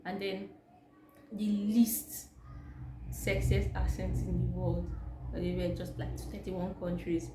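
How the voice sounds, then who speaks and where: A young Nigerian woman with a Nigerian accent vlogs to camera, giving her opinions emphatically and asking rhetorical questions. Her voice is on the low side and her delivery is completely flat, slow, and full of long pauses, recorded in an echoey room with faint ambience and background noise.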